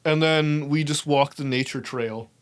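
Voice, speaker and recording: Young male podcast host, slightly high voice, animated and swearing, loose storytelling. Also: unhurried, smooth. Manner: animated, swearing, laughs while telling a story. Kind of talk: casual storytelling.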